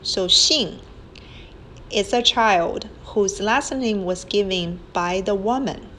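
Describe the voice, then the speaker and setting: A woman's voice: mid-range voice, takes it slowly, bright, forceful tone, a little hiss or hum, poor audio. A woman teaching characters over a whiteboard recording, explaining patiently step by step and modelling tones aloud. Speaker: Chinese language teacher. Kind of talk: slow whiteboard lesson narration. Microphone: phone screen recording.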